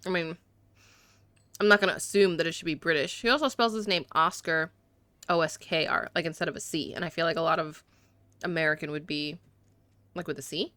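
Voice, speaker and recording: Bright-voiced woman streaming a game, chatty, dry close mic. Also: sits low, steady tone, fairly quick, pauses often, clean tone, dry recording. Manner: self-deprecating, chatty, reads chat. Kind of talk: casual game commentary.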